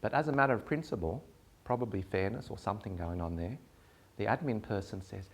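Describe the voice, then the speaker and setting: A man presenting a talk, telling a personal story in an animated, wry way. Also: on the low side, fairly quick, a little hiss or hum.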